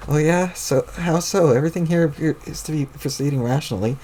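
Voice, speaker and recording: A man's voice: fairly high pitch, fairly quick, dark tone, husky. A man doing a sarcastic, crabby troll boy. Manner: sarcastic, drawling, swearing. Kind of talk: reading a webcomic aloud with voices.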